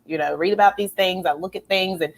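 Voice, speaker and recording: A woman's voice: on the low side, quick pace, creaky. Rambling, enthusiastic woman host. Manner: enthusiastic, rambling, many fillers and restarts. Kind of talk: casual pop culture chat.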